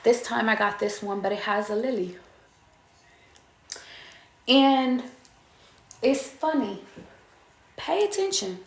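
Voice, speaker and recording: A woman's voice: fairly high pitch, animated, slow pace, pauses often. A young woman tarot reader talking casually to her viewers, chatty and swearing freely. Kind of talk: casual spiritual talk to viewers. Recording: echoey room.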